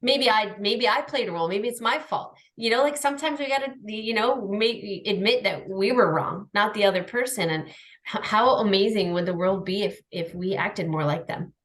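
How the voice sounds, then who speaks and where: Woman, podcast guest, casual and animated, jumps into playful voices for her pets, call-style audio. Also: medium pitch, moderate pace. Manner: animated, acts out little scenes with her dogs. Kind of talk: casual chat.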